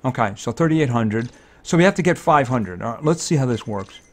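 A man giving casual gameplay commentary, thinking aloud, excitable and fretting over each purchase. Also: mid-range voice, fairly quick. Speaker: let's-play commentator.

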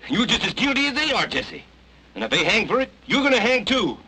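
A man's voice: sits high, big pitch swings, fast, sharp tone, slight background noise, full character voice, low-quality recording. A drawling young woodsman. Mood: accusing. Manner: drawling, pressing hard. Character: determined young Southern woodsman. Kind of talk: 1940s film acting.

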